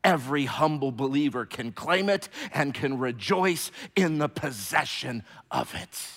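A man preaching a sermon, emphatic and repetitive, swinging from hushed tones to shouting. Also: mid-range voice, lively intonation, measured pace. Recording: long hall reverb.

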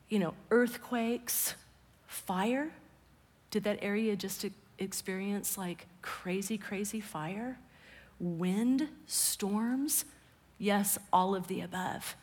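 A woman's voice: mid-range voice, husky, in a large hall. A woman preaching a conversational sermon, often dropping her voice to a whisper for emphasis.

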